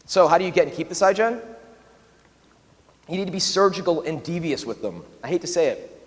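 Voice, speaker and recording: A fast-talking man speaks from a conference stage, voice a bit higher than most men's. He is lively and acts out little quoted asides. The sound rings with the long reverb of a big hall. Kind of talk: keynote talk.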